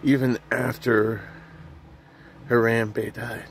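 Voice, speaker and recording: A man hosting a rambling comedy vlog, with goofy asides and some soft, quiet remarks. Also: on the low side, measured pace, slight background noise. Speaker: comedy vlogger.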